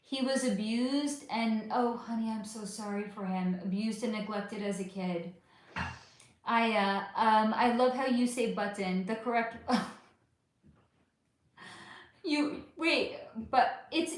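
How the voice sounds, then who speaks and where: A woman's voice: a little high, slow pace. An American woman hosting a livestream, chatting casually with viewers and reading out their comments, affectionate and swearing freely as she calls them honey. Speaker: livestream host. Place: at home under a bright light. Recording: very echoey room.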